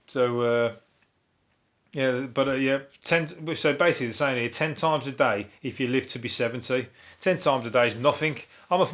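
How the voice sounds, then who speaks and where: A man hosting a solo comedy news podcast, rambling through stories with dry deadpan humour, frequent swearing and chuckles. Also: mid-range voice. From England. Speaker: podcast host.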